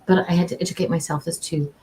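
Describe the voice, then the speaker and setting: A woman's voice: fairly low pitch, steady tone, quick pace, slight background noise, rough recording. A woman who works as a customer service agent, giving casual advice on a livestream in a chatty, folksy way with frequent restarts. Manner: chatty, folksy, warm-hearted, restarts sentences often. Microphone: own camera, streaming.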